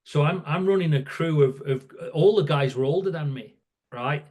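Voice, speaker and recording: A man in his sixties, appearing as a podcast guest, rambles through casual work stories, restarting often and checking in with "right?" again and again. His voice sits on the high side, a little mellow, at a moderate pace.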